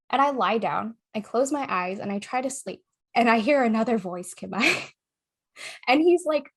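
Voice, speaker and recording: A woman's voice: fairly high pitch, normal speed, a bit bright. A young woman co-hosting a podcast, telling a story in casual chat, swearing often, laughing mid-sentence and acting out what people said. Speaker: podcast co-host.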